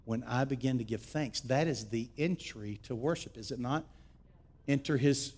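A man preaching a sermon as pastor, shifting between shouted exhortation and quiet, close teaching. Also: medium pitch, moderate pace.

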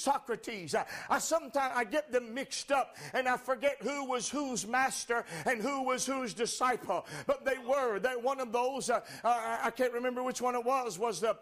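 A male preacher with a very high voice delivers a fervent sermon. He leans on "uh" fillers between phrases and builds up to shouting at the peaks.

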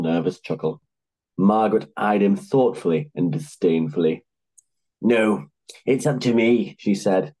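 Give me a man narrating a comic tale in a low, husky voice. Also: mellow, rough recording. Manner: dry wry asides. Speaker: storyteller.

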